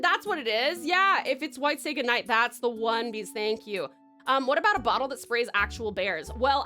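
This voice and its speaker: A woman's voice: sits high, a bit bright. A young woman streamer chatting casually as she reads viewer comments, laughing often and talking with lots of fillers. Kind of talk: casual live-stream chat, reading comments.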